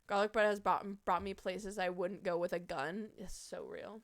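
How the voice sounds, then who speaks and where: A young woman streamer with a Midwestern American accent, chatting casually with viewers, animated, swearing and laughing often. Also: fairly low pitch, normal speed.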